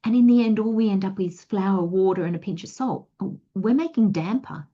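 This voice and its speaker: A woman's voice: mid-range voice, a little fast, highs cut off. An Australian woman giving a tarot reading in a chatty, rambling way, slipping into little acted inner voices. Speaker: tarot reader. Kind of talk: casual spiritual guidance talk.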